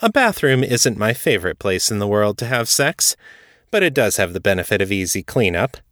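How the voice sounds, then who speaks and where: Male podcast host and author, steady reader, lowish voice, dry close-miked sound. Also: a little fast, dry recording. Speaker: podcast host and author reading his fiction. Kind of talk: first-person story narration.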